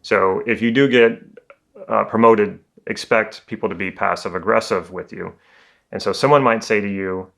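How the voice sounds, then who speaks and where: A man working as a communication coach, giving a calm, conversational educational talk. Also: fairly low pitch, moderate pace, creaky.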